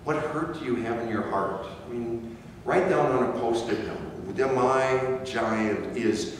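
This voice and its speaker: A man preaching a sermon as pastor, slow and emphatic, repeating key phrases for weight. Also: mid-range voice, slight background noise. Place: church sanctuary. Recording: echoey hall from far off.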